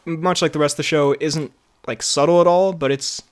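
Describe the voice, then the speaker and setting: A man's voice: fairly high pitch, steady tone, brisk. A young man co-hosting a podcast in casual chat, rambling with lots of fillers and laughing easily. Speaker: podcast co-host.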